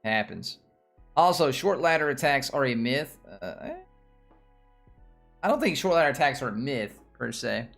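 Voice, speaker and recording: A gravelly, slightly bright mid-range voice with a Southern US accent carries this casual stock-market livestream, with lively intonation at a moderate pace broken by long pauses. The host rambles, says things twice, and talks with his viewers as faint music plays.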